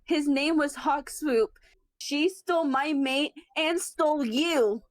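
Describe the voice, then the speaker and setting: A woman voicing a fierce, grieving mother cat in a roleplay, firm and steady. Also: high-pitched, takes it slowly, dry recording. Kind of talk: voice-acted roleplay.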